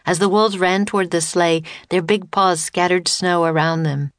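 Woman narrator, children's audiobook, steady, dry booth sound. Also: on the low side, moderate pace, dry recording. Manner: clear, steady storytelling.

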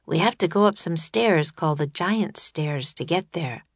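A woman's voice: low-pitched, expressive, normal speed, no echo, clean studio sound. A woman reading an audiobook, voicing a thoughtful young boy who speaks in a plain, matter-of-fact way.

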